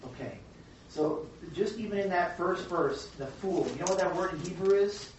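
A woman leading a Bible study, teaching in a chatty, animated storytelling way. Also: fairly low pitch, normal speed, far from the mic, slight background noise. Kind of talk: casual teaching. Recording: echoey room from afar, dull.

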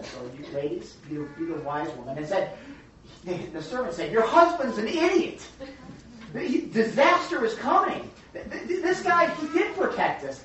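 A woman leads a group Bible study, telling the story with lively energy and a chatty manner. She is heard from some distance in a very echoey room, and the recording sounds a little dull. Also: on the low side, slight background noise. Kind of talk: casual teaching.

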